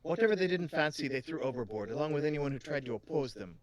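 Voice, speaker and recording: A man's voice: a little high, lively intonation, fast talker, a crowd in the background, voice pushed up, close to an everyday voice. Man putting on a chatty shopkeeper lady. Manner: shaky put-on foreign accent. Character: kindly female coin shop owner, chatty. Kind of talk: voicing a game character.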